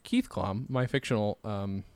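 A man's voice: lowish voice, measured pace, clean tone, no room sound. A man hosting a podcast in casual chat, rambling and self-deprecating, with lots of fillers and restarts. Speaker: podcast host.

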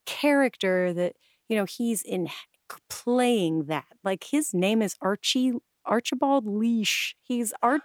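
A woman speaks as a guest in a casual interview, chatty and animated, often restarting her sentences and slipping into voices of the people she quotes. Her voice sits at an ordinary pitch. The sound is dry, with no room echo. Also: slow pace. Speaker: guest, improv coach and stylist.

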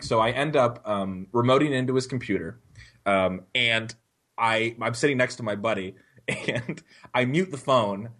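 A man on a podcast telling a story in a casual, animated way, swearing and often laughing. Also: medium pitch, moderate pace. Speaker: podcast co-host.

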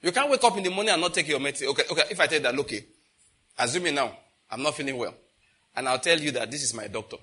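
A middle-aged man, preaching a sermon with lively rhetorical questions. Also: a little high, rapid-fire, slightly rough. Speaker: pastor.

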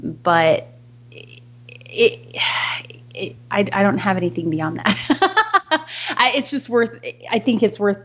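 A woman's voice: lowish voice, husky, muffled recording. Chatty woman podcast co-host. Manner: thoughtful, restarts often, laughs between points. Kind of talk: casual film discussion.

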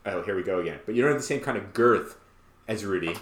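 A man co-hosting a podcast in casual chat. He is excitable, laughs often and his voice leaps up when he tells a story. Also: quick pace, background noise. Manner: excitable, laughs often, pitch jumps way up when telling stories. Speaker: podcast co-host. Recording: roomy echo.

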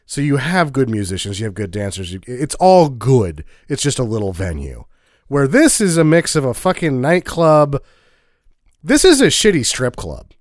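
A man's voice: medium pitch, big pitch swings, moderate pace, no echo, clean studio sound. A man co-hosting a casual movie podcast, explaining and joking with his friends. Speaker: podcast co-host. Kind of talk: casual movie review chat.

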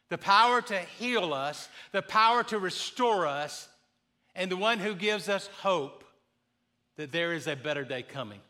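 A man with a high, bright voice delivers a sermon from a church sanctuary. He moves between easy storytelling and emphatic, rising declarations of faith. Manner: warm storytelling, builds to emphatic preaching. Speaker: pastor. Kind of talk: sermon with jokes.

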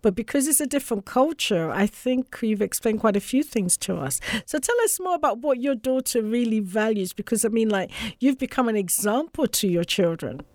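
Woman host, slightly high, animated voice, dry close recording, encouraging interviewer. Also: moderate pace, hardly any pauses, dry recording. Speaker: podcast host. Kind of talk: casual interview chat.

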